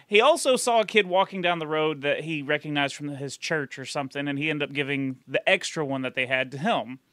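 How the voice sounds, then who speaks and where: Man, podcast co-host, casual storytelling, laughs a lot, bright voice, dry sound. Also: a little high, brisk, dry recording. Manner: laughs often while telling a story.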